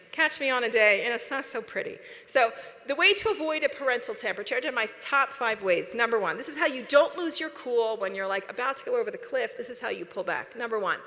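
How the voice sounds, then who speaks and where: Middle-aged woman speaker, lively and direct, fairly high voice, reverberant hall. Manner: lively, direct, drops to a whisper. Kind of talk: motivational talk to an audience. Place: large convention hall.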